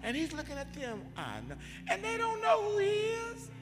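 A man preaching a sermon as a bishop, retelling scripture with animated delivery and shouting at its peaks. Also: very high-pitched, moderate pace, long reverb tail, noisy background. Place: church sanctuary.

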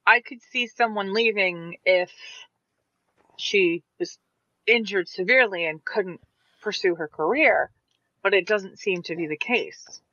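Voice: medium pitch, a little slow, sharp tone, no room sound, highs cut off. A player in a tabletop game, agreeably reasoning through the case.

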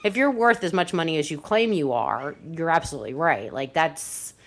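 A woman co-hosting a casual political talk show, talking in a conversational way and quick to add her own points. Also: low-pitched, animated, a bit bright. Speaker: regular co-host.

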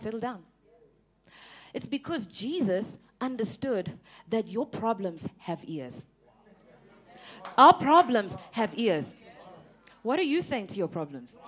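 Lively high-voiced woman preaching a sermon. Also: husky. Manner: animated, emphatic, laughs often, repeats words.

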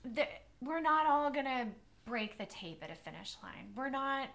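Bright lively woman chatting about her running, animated and quick to laugh. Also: high voice, creaky. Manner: animated storyteller, laughs often, many restarts. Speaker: runner and interview guest. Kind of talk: casual interview conversation.

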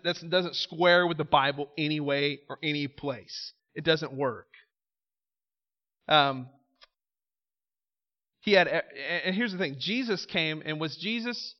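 A man's voice: fairly high pitch, in a large hall. A man preaching a sermon with emphatic delivery, asking rhetorical questions and calling out to the congregation. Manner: emphatic, asks rhetorical questions, calls out "Amen?". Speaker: pastor. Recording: slightly muffled recording.

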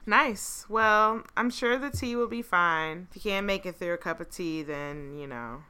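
A woman's voice: on the low side, expressive, a little slow, bright, forceful tone. A woman co-hosting a casual chat, teasing and blunt, laughing a lot.

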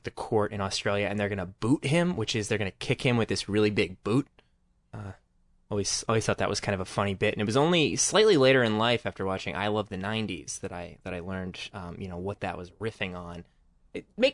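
Podcast co-host, man, low voice, rambling and self-deprecating, dry close mic. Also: fairly bright tone, no echo. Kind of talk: casual chat.

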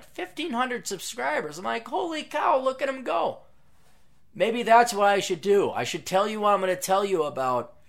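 A male podcast host talks off the cuff, sarcastic and wandering, tossing out plugs between asides. His voice sits a little higher than most men's, and he jumps from loud bursts to low mutters. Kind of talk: casual monologue reading out plugs.

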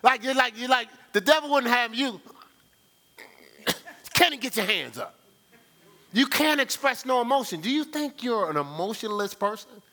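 A man, a pastor, preaching a sermon in a colloquial, animated way, acting out little scenes in different voices. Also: very high voice, normal speed, long pauses.

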